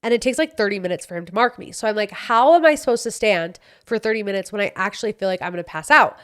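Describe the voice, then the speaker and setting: A woman's voice: mid-range voice, quick pace, smooth. Chatty young woman telling a story. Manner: animated, acts out dialogue, swears casually. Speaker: podcast host. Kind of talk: casual storytelling chat.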